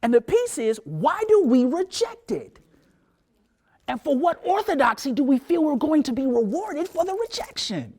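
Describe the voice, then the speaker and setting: Animated male lecturer, lively storytelling. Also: extremely high pitch, moderate pace. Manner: animated storyteller, acts out voices, laughs. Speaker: professor giving a talk.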